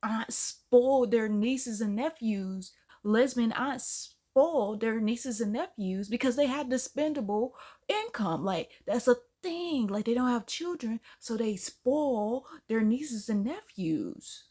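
Woman host, sassy reaction chat, lively pitch that jumps high. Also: a little slow. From North Carolina, US South. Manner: animated, sassy, swoops up high when incredulous. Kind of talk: casual reaction commentary.

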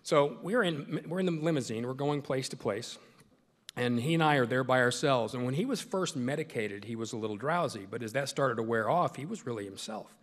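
This middle-aged sportscaster, speaking as a club's guest, delivers folksy jokes in a big hall where the sound echoes and lingers. His mid-range voice is expressive and fairly quick.

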